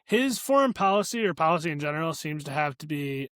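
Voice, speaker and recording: A man's voice: on the high side, big pitch swings, fast talker, a bit bright, no echo, studio quality. A man co-hosting a podcast in casual chat, offering short, wry remarks. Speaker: podcast co-host.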